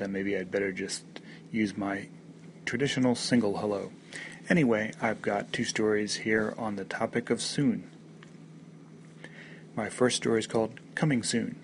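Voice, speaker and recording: A man introducing himself and reading his own short stories aloud in a measured, wry way. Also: mid-range voice, gravelly, a little hiss or hum. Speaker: story contributor.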